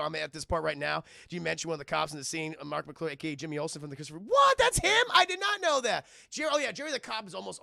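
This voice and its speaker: An excitable male streamer rattling through a film review with his chat, cursing and laughing as he goes. His voice sits high and swings widely, with heavy gravel on it. The sound is close and dry, with no room to it. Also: no echo. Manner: excitable, profane, laughs often, chatting with viewers; acts out scenes in exaggerated voices.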